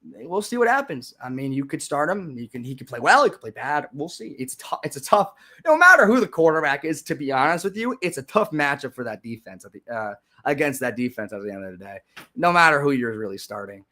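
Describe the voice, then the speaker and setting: A young man hosting a live stream, chatting casually and sarcastically, with frequent restarts and sudden loud rants. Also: medium pitch, very animated, fairly quick. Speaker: livestream host.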